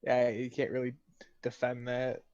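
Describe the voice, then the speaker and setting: A man's voice: mid-range voice, monotone, a little slow, a little mellow. A young man co-hosting a podcast, rambling casually and hunting for words between giggles. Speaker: podcast co-host. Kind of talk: casual chat. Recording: dull lo-fi mic.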